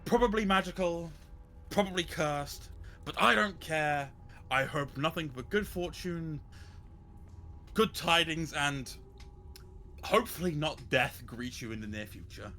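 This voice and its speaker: A man's voice: on the high side, a little slow, long pauses, bright, forceful tone, voice pushed up. A man voicing a showy bard figure who makes a flowery, mocking toast while kneeling with a blade. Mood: mock-grand.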